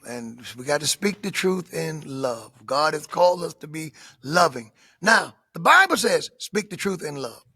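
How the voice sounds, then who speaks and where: An older man speaks in the rhythm of a preacher, his high voice bright and cutting. He drops to soft tones and then rises to shouted emphasis. The sound is husky and recorded close and dry. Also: big pitch swings, moderate pace, no echo. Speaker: bishop and pastor. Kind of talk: emphatic interview answers in a preaching manner.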